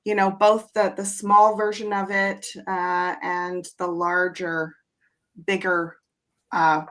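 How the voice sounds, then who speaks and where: A woman's voice: on the low side, flat delivery, slow. Enthusiastic rambling woman co-host. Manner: warm, enthusiastic, rambling with fillers. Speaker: co-host and reader. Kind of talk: casual chat.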